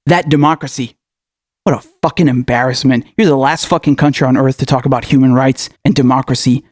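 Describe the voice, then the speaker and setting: A man's voice: mid-range voice, fairly even intonation, a little fast, darkish tone, no room sound, clean studio sound. A young man giving an angry political rant as a commentator, furious and profane, hurling insults. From Middle East.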